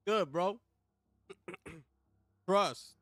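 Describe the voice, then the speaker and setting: High-voiced hyped streamer man. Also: extremely slow, a bit bright. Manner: hyped, talks straight to chat with repeated slang call-outs. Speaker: livestream host. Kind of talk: casual live co-stream chat.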